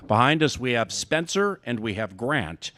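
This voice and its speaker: A man's voice: mid-range voice, big pitch swings, normal speed, pushed and bright. A man hosting a casual racetrack show, chatty and upbeat with lots of fillers. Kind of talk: casual on-air chat.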